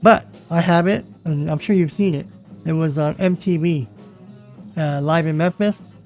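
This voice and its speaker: Rambling guy flipping thru an old magazine, gravelly voice a bit on the high side, faint music behind. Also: normal speed, a little mellow. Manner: chatty, rambling, repeats himself. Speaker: vlog host. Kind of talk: casual magazine flip-through.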